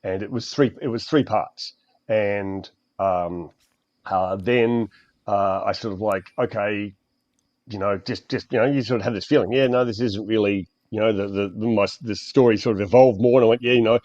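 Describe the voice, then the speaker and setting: Low-voiced Australian man, rambling and halting. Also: steady tone, a little mellow, dry recording. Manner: rambling, halting, swears often. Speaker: guest author. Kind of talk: casual podcast interview. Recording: dull, dry lo-fi audio.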